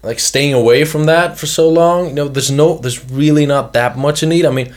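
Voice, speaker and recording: A man's voice: fairly high pitch, normal speed. A young man co-hosting a podcast, talking casually and hedging his points with "I mean" and "you know". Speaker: podcast co-host. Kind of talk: casual chat.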